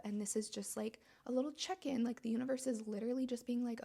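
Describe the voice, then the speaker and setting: A woman talks in a casual, motivational podcast monologue, with an emphatic, chatty delivery full of "like." Her voice sits a little high and carries a gravelly fry. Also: steady tone, fast, warm tone. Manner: chatty, emphatic, heavy use of "like". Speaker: podcast host.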